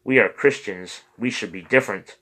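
A man's voice: lowish voice, normal speed, bright, forceful tone, poor audio. A man reading the lines of an earnest priest who pleads with his congregation for peace. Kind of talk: audiobook character reading.

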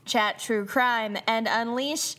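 A woman's voice: a little high, slow pace, sharp tone. A young woman co-hosting a podcast in casual, jokey banter and laughing often. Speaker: podcast co-host.

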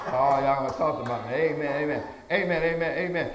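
Over a crowd in the background, a pastor with a fairly high voice races through his sermon with hardly any pauses. He keeps calling out amens in call-and-response fashion, speaking folksily and restarting with stammers. The church room gives the recording a strong echo.

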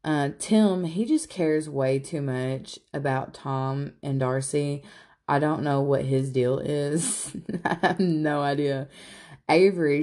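A woman recaps drama in a blunt, profane, gossipy way. Her voice is low, mellow and unhurried, and she delivers the story at a slow, casual pace. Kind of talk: casual reality-show recap.

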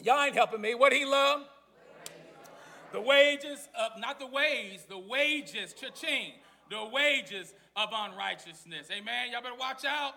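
A man's voice: extremely high pitch, a little slow, vocal fry, pushed and bright. A man preaching a sermon, telling the story in a folksy way and calling out to the congregation for responses.

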